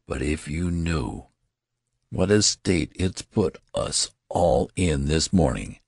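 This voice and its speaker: Severe, hushed nurse, read by a man. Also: a bass voice, big pitch swings, takes it slowly, vocal fry, no room sound, clean studio sound, exaggerated voice. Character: severe, contemptuous hospital nurse, woman.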